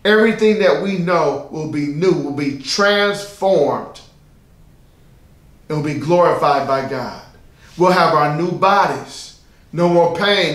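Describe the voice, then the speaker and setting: A man's voice: fairly high pitch, fairly bright tone. Emphatic preaching man in a roomy hall. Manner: emphatic, repetitive preaching with rhetorical questions. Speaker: pastor. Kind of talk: sermon.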